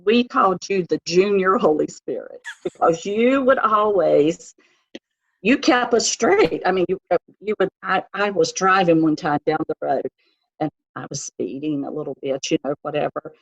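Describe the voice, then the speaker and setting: Husky middle-aged woman, muffled sound. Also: fairly low pitch, normal speed. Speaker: guest, the host's mother. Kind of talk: casual interview.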